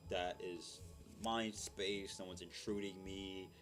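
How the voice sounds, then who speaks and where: A young man, a streamer, chatting casually and rambling with lots of fillers in a deep voice. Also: flat delivery, slow pace, music in the background. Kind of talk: casual chat. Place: home room. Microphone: desk mic.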